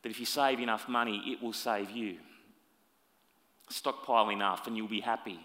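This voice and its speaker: A man preaching a sermon, swinging between loud emphatic lines and hushed, quieter asides. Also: lowish voice, steady tone, normal speed. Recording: long reverb of a large hall.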